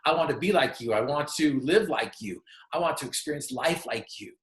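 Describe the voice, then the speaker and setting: A man's voice: a little high, lively intonation, brisk, a bit bright, pitched above the performer's own voice. A man voicing an eager pleading young man. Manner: insistent, pleading. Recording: roomy echo.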